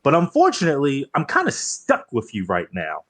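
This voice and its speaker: A man's voice: mid-range voice, huge pitch swings, normal speed, pitched above the performer's own voice. A man voicing an exasperated, sarcastic adult who scolds a band of young adventurers. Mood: stern. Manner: sarcastic, mocking. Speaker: tabletop game player.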